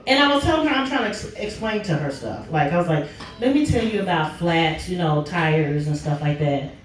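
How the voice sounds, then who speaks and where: A stand-up comedian from Oklahoma, telling animated stories about her kids. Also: a little fast. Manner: animated, jumps high in pitch for punchlines. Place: comedy club stage. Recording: echoey club from a distance.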